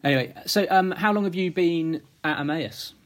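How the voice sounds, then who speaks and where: A man's voice: fairly high pitch, normal speed. A male host running a casual interview, friendly and teasing, with lots of fillers. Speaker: podcast host.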